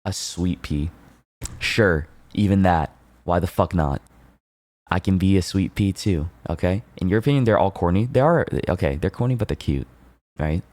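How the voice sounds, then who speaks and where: A man streaming, chatting casually and playfully with his chat, laughing often and rambling in quick asides. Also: deep voice, animated, darkish tone, no echo.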